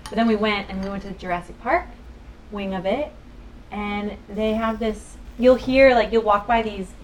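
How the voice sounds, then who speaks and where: A woman in casual podcast chat, animated and swearing freely, telling stories with lots of fillers. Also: medium pitch, moderate pace, slight background noise, rough recording.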